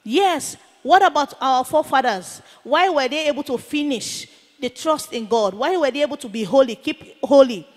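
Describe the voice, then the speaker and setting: A woman's voice: sits high, animated, moderate pace. A woman preacher delivering a sermon as she recounts a vision, emphatic and full of rhetorical questions. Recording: long reverb of a large hall.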